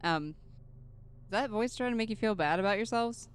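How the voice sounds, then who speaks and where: A woman's voice: mid-range voice, expressive, moderate pace, clear, resonant tone. A woman casually chatting as a player in a tabletop game, talking and laughing easily.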